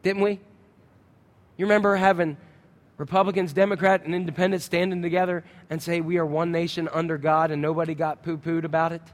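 A man's voice: on the high side, level tone, fairly quick. A man preaching a sermon, telling a story and acting out the sounds and his own inner thoughts, often asking the congregation questions. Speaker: pastor. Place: church sanctuary. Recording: church hall reverb.

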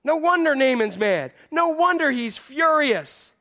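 Brief: male pastor, high voice, animated and playful sermon delivery. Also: a little slow. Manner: animated, playful, repeats phrases.

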